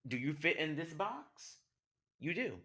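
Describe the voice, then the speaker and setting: A man's voice: a little high, big pitch swings, unhurried, pushed and bright. A young man, hosting a podcast as a passionate, conversational monologue full of rhetorical questions. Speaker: podcast host. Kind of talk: personal monologue.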